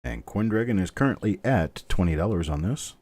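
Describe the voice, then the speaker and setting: A man's voice: lowish voice, expressive, brisk, darkish tone, no room sound. A middle-aged man hosting a live online coin auction, calling bids steadily and chatting between lots. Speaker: auctioneer host.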